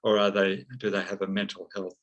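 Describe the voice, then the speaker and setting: A man speaking as an interview guest, slow and reflective, with many pauses and fillers. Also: low voice, monotone, low-quality recording. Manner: slow, thoughtful, many ums and uhs. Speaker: psychologist and counseling teacher, guest.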